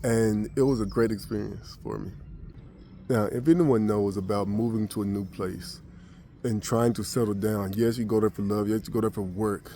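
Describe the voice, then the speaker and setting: American guy vlogging, low voice, rambles with lots of restarts, faint noise behind. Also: steady tone, moderate pace, dark tone. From United States. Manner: rambling, many restarts and fillers. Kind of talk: casual vlog storytelling.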